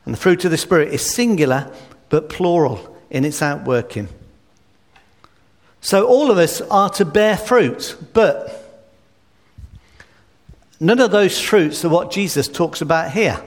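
A man's voice: fairly high pitch, animated, a little slow, long pauses. A man preaching a sermon, emphatic and full of rhetorical questions. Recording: reverberant hall.

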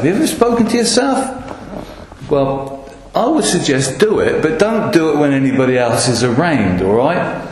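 A man preaching a sermon in an earnest way, often pausing with ums and restarts. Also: medium pitch, big pitch swings, darkish tone, a little hiss or hum. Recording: echoey hall with long reverb.

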